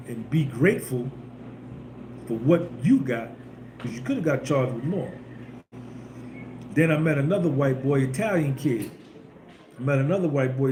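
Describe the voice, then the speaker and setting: A man's voice: a little high, mellow. Blunt storytelling man, echoey room. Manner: blunt, emphatic, preachy street talk. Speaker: podcast host. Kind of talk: casual monologue storytelling. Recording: echoey room with faint background hum.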